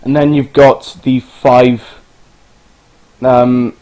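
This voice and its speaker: A man talks through a game tutorial in a loose, rambling way. He wanders off track and swears now and then. His pitch sits in an ordinary middle range. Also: flat delivery, drawn-out words, dark tone, low-quality recording. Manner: rambling, informal, swears casually. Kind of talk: casual screen-recorded game tutorial.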